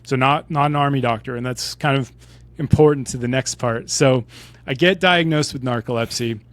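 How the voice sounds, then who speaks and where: An American man in his forties talks through his story on a podcast, conversational and loose, tagging sentences with "right?". His voice sits at an ordinary middle pitch. The recording is dry and close, with no room sound. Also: moderate pace, a bit bright, dry recording. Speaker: podcast guest, retired Army pilot. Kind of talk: casual interview storytelling.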